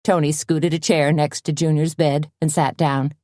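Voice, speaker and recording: Woman audiobook narrator, steady storyteller, mellow tone, dry close sound. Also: low-pitched, moderate pace, hardly any pauses, no echo. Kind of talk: scripted narration.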